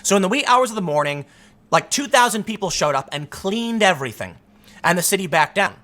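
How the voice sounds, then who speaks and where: A man's voice: high-pitched, very animated, a little fast, pushed and bright. A man hosting solo political commentary, talking emphatically and arguing his point. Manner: emphatic, argumentative, acts out quotes in other voices.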